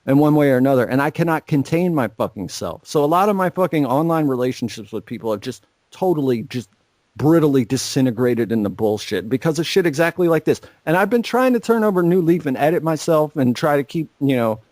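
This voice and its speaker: A man's voice: on the high side, animated, fairly quick, a little mellow, no echo. A young man co-hosting a podcast, ranting and swearing constantly in a sarcastic, casual chat. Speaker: podcast co-host.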